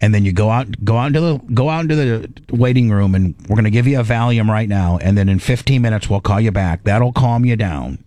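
A man's voice: fairly low pitch, a little fast, few pauses, mellow, dry recording. A middle-aged man hosting a radio talk show, casually telling a story and acting out his own panicked inner voice. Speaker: radio host.

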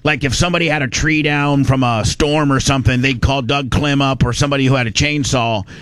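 A man's voice: medium pitch, steady tone, a little fast, a bit bright, clean tone, no room sound. A middle-aged man from Indiana telling a long casual story, rambling with many restarts and salty words.

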